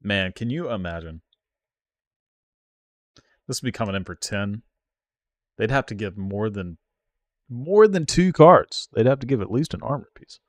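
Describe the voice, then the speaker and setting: A lower-pitched man talks through his card game at an unhurried pace, recorded dry and close. He reacts out loud to every play, yelping and groaning as he addresses his chat. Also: lively intonation, no echo. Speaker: streamer playing an online card game. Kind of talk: live gameplay commentary.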